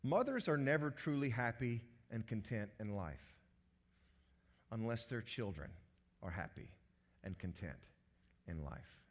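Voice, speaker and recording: A man's voice: medium pitch, very animated, a little slow, pauses often. Earnest preaching man, rising and falling. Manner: earnest preaching, with sudden emphatic rises and soft drops. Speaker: pastor. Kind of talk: sermon.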